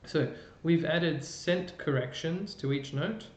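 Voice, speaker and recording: Speaking slowly in a slightly high voice, a man teaches an online music lesson as a chorus educator. He goes step by step, thinking aloud while using a computer, and the sound is roomy, dull lo-fi with faint noise.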